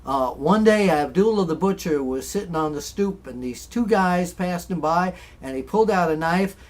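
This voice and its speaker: A man's voice: high-pitched, animated, normal speed. A man hosting a casual chat, talking in a chatty way and stretching his sentences out with fillers. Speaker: host.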